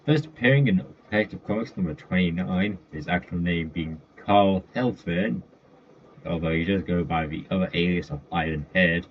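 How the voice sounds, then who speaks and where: A man's voice: low-pitched, moderate pace. A man in casual commentary running through a list of comic villains, rambling with fillers and self-corrections. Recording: dull lo-fi mic with faint noise.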